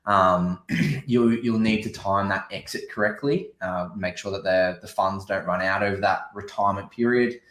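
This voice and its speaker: Australian man, very low voice, steady explainer, echoey room. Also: normal speed, few pauses. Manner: steady explaining, runs through points. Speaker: podcast co-host. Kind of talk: casual podcast chat. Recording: roomy echo.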